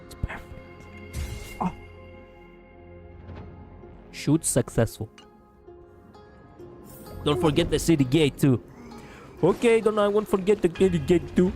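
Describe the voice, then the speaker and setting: A streamer from Greece speaks slowly with frequent pauses, his fairly high voice carrying a darkish tone over soft background music. He reads the game's text aloud playfully, with laughter and quips in between.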